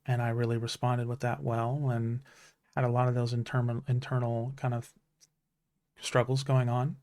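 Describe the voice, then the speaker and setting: A man's voice: mid-range voice, flat delivery, moderate pace, darkish tone, no echo. Earnest man in his thirties, dry mic. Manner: earnest and emotional, many restarts. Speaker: streamer. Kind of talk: casual chat.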